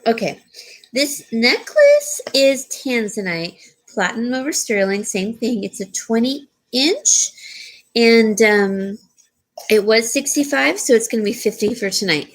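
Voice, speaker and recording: With a sing-song, unhurried voice, a woman hosts a casual live jewelry sale, chatting and replying to viewer comments. She also coos at her dog in a high baby voice.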